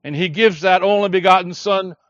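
A man's voice: high-pitched, a bit bright, no room sound. Man, preacher, sermon, earnest teaching, dry close sound, dull lo-fi recording. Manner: earnest, measured teaching with emphatic quotes.

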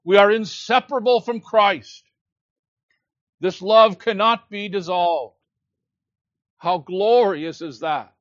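A man preaching a sermon, earnest and measured, teaching a scripture passage with emphatic quotes. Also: sits high, no room sound, lo-fi sound.

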